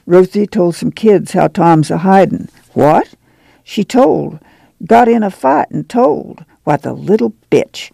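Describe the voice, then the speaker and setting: A man's voice: high-pitched, lively intonation, slow, gravelly, slightly rough, no echo, heavily acted. Male reader doing a stern, protective farm mother, drawl, dry close read. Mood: firm. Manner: firm, hushed and protective. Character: weary, stern rural mother of a migrant family. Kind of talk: audiobook character voice.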